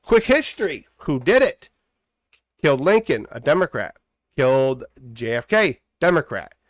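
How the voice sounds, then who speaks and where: A man's voice: on the high side, very animated, a little slow, no echo. A man hosting a political commentary podcast, talking in a heated, preachy way and repeating phrases for emphasis. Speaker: podcast host.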